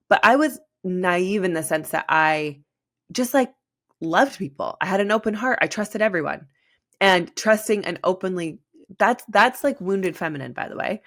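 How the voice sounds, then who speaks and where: A woman's voice: low voice, fairly bright tone. A woman in her thirties hosting a podcast, telling her personal story in a chatty way, full of "like" and talking straight to her listeners. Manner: chatty, peppered with "like", addresses listeners directly. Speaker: podcast host.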